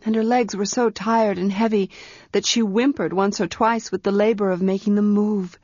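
A woman narrating a story in a measured, quiet storytelling manner. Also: medium pitch, fairly even intonation, dry recording, lo-fi sound. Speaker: audiobook narrator.

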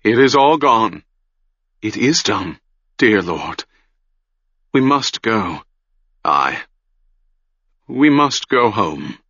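A man voicing an exhausted, grieving old wizard who speaks in a hoarse, low whisper, in a dull lo-fi audiobook recording. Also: very animated, very slow, pauses often, fairly bright tone, no echo, full character voice. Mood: weary.

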